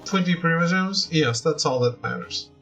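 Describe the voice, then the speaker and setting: High-voiced man wryly commenting on a game. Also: expressive, moderate pace, creaky, a bit bright, far from the mic, soft background music. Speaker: game streamer. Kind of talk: casual gameplay commentary.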